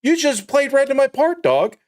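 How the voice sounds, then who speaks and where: A man's voice: extremely high pitch, very animated, moderate pace, darkish tone. A man live streaming, chatting casually in a rambling, profane, joking way.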